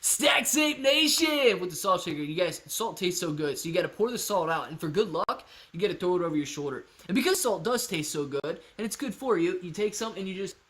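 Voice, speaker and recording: Man, live stream host, casual chat, energetic, hyped, slightly high voice. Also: brisk, hardly any pauses. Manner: energetic and hyped, calls viewers man and dude. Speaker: livestream host answering chat.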